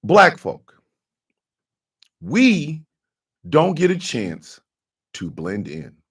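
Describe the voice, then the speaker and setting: A man from the United States hosting a radio morning show, giving fiery, profane commentary that bursts into shouting. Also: on the high side, wildly swooping pitch, drawn-out words, husky.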